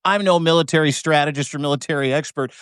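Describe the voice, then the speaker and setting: A man's voice: on the high side, quick pace, a bit bright, smooth, dry recording, studio quality. A man hosting a talk show, chatting casually with sarcastic asides and some swearing. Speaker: host.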